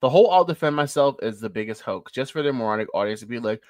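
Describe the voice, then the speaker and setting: Male streamer, rambling casual chat, lively delivery, dry room. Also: on the low side, fairly quick, no room sound. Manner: rambling, chatty, laughs often. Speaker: live stream co-host.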